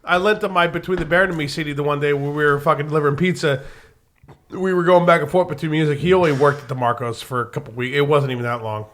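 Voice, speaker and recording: A man's voice: a little high, steady tone, fast talker. A man hosting a podcast in casual chat, teasing and swearing with friends. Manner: teasing, profane interjections.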